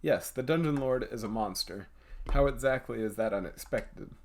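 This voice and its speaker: A man reading aloud and voicing a powerful, proud female dragon in a game, a bit louder and higher than his own voice. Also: normal speed, close to an everyday voice. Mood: commanding. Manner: louder and slightly raised when voicing her.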